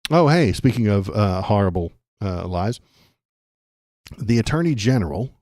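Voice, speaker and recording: A man's voice: lowish voice, animated, a little slow, darkish tone. A man hosting a political livestream, ranting sarcastically, laughing and talking to his chat. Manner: ranty, sarcastic, laughs often, talks to chat.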